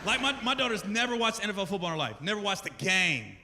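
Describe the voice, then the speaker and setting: A man in his forties doing a profane stand-up comedy set, telling animated stories in put-on voices. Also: high voice, fast, very noisy. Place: large theater stage before a laughing audience. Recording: live concert recording with loud crowd and long reverb.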